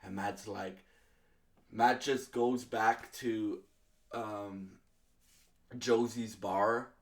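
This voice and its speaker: A man's voice: fairly low pitch, steady tone, very slow. A young man from Canada giving a casual, rambling video review full of fillers. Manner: rambling, lots of fillers and restarts. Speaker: show reviewer.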